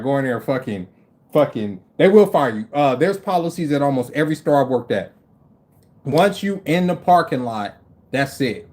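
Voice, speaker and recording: A man in his forties hosting a livestream, telling stories in an animated, profane, incredulous way and acting out other people in quick voices. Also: on the high side. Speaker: livestream host. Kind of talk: casual storytelling rant.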